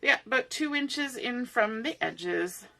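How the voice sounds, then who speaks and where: A middle-aged woman talks slowly through a papercraft tutorial, her voice bright and a little high. She is chatty and explains each step aloud as she works at her craft table. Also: lively intonation, vocal fry. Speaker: papercraft host.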